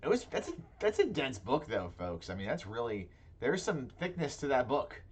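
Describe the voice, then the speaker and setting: A man co-hosting a relaxed talk show, his voice rising and falling in a lively way. He rambles on playfully, restarts his sentences and lets them trail off into mumbles. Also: mid-range voice, moderate pace, breathy edge. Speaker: podcast co-host. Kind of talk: casual chat.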